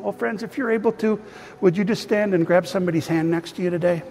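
A pastor preaches and prays in a church hall, earnest and still emotional as he speaks of grief and peace. His high-pitched voice is quick and a little mellow, with soft background music and a long hall reverb.

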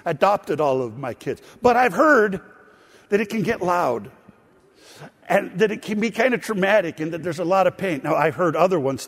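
A male pastor delivers a sermon, mixing stories with quick asides to his congregation. His voice sits a little high for a man. A long reverb from the church hall trails after his words. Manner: storytelling preacher, animated asides to the congregation. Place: church sanctuary.

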